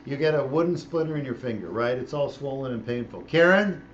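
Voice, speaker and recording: A man's voice: medium pitch, fast, a little mellow, highs cut off, slight background noise. A middle-aged man, a spine surgeon, explaining his work in a casual, joking way while he operates. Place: operating room.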